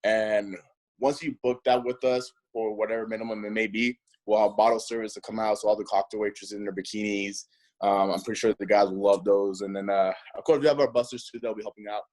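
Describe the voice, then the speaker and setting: A man's voice: on the low side, fairly quick. Laid-back man rambling in interview. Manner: relaxed, rambling, heavy with fillers. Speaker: guest, nightlife host. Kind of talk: casual interview chat.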